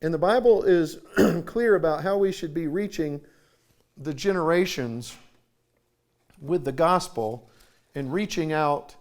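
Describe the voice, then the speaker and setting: A man's voice: a little high, unhurried, long pauses. A middle-aged man preaching at a church conference, telling folksy stories and acting out voices. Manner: folksy, acts out voices in anecdotes. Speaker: conference speaker. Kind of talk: sermon with storytelling. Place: church sanctuary.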